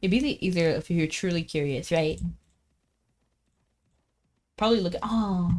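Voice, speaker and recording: Fast-talking, giggly woman streamer. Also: on the low side, darkish tone. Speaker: game streamer. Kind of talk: casual live-stream chat while gaming.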